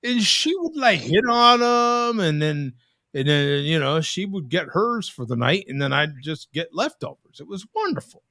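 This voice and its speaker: A man's voice: a little high, big pitch swings, normal speed, bright, forceful tone, no room sound. A man hosting a casual live-stream chat over a video call, joking and teasing. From Southern California. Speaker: show host.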